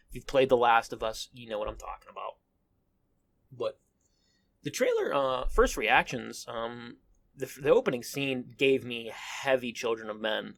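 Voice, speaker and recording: A man's voice: medium pitch, creaky. A young man hosting a casual solo podcast, groggy and coughing after just waking up, rambling and restarting his sentences. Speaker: podcast host.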